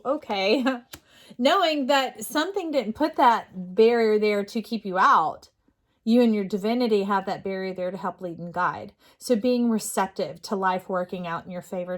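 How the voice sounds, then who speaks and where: A middle-aged woman doing a casual tarot reading, earnest and rambling, with restarts and fillers. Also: medium pitch. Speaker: tarot reader.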